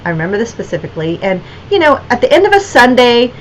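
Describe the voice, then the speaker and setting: A woman's voice: on the high side, big pitch swings, fast, slight background noise, low-quality recording. A woman artist and gallery owner chatting casually on her livestream, rambling with lots of fillers and restarts.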